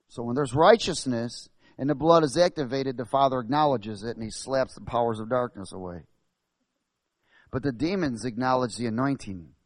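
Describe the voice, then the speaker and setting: A man's voice: mid-range voice, dry recording. Emphatic male preacher, dry close sound. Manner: emphatic, call-and-response questions, rising to loud bursts. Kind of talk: sermon.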